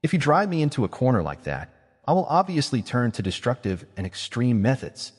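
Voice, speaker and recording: A man voicing a calm, scheming male mage who reasons in a measured way. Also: mid-range voice, husky, big-room sound.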